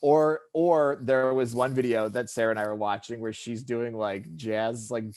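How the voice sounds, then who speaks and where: A man's voice: medium pitch, fairly even intonation, normal speed, a little mellow. A man in his thirties co-hosting a podcast, chatting casually and animatedly, swearing and acting out quotes in funny voices. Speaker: podcast co-host. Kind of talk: casual chat.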